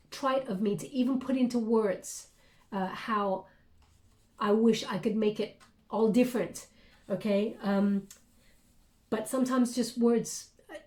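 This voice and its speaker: A woman's voice: fairly high pitch, darkish tone. A woman giving a casual tarot reading to camera, speaking in an encouraging, reassuring way with many fillers and restarts. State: briefly emotional. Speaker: tarot reader.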